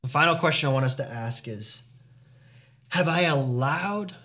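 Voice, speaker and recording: During his sermon, a pastor speaks in a notably high voice for a man, pushed and bright, at a moderate pace. He is earnest and emphatic, driving his points home with rhetorical questions.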